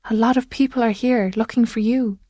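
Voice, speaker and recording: A woman reading an audiobook, voicing a determined woman officer who coaxes a lost girl gently. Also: a little high, fairly even intonation, fairly quick, dry recording, clean studio sound, voice pushed up, natural voice. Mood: gentle. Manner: urgent but gentle, coaxing.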